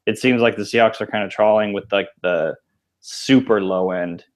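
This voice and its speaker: A man's voice: fairly low pitch, normal speed. A man co-hosting a sports podcast, giving easygoing opinions and hedging with "like" and "I think". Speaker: podcast co-host. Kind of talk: casual sports podcast chat.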